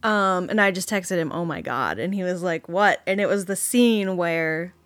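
A woman's voice: fairly low pitch, no echo. Chatty woman co-hosting a podcast. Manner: chatty, quick to laugh. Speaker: podcast co-host. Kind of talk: casual movie chat.

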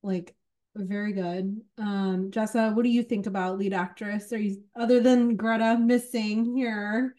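A woman's voice: mid-range voice, fairly even intonation, a little slow, warm tone. A woman on a casual film panel, chatty, with joking asides and lots of fillers.

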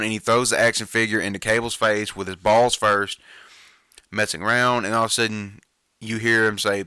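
Male podcast host, lowish voice with a forceful edge, dry close mic, excitable fan rant. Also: fairly quick, clean tone, no echo. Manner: gushing, excitable fan talk. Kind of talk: casual movie-trailer rant.

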